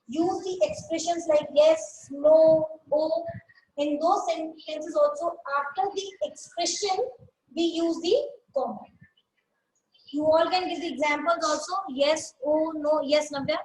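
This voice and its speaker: A woman teacher with an Indian English accent, giving a grammar lesson and dictating example sentences slowly, word by word. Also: very high voice, fairly even intonation, a little mellow, reverberant, rough recording. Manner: slow, deliberate dictation, repeating phrases word by word.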